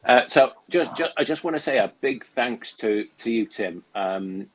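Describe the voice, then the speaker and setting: A man's voice: mid-range voice, animated, a little hiss or hum, rough recording. A man joining a live stream as a guest, talking hesitantly with many restarts, through wireless earbuds. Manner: halting, apologetic, many restarts. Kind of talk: casual live-stream chat.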